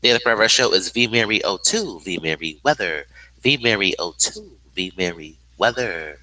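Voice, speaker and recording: A man's voice: low-pitched, lively intonation, normal speed, bright, forceful tone, no room sound, rough recording. A man hosting his own show in a rambling, free-associating monologue, often spelling out letters and acronyms.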